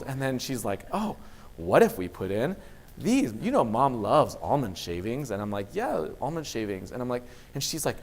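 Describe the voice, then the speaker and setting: A man's voice: mid-range voice, moderate pace. A man speaking as a university vice president of student affairs, giving a motivational talk to students and acting out dialogue as he tells stories. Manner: lively storyteller, acts out dialogue.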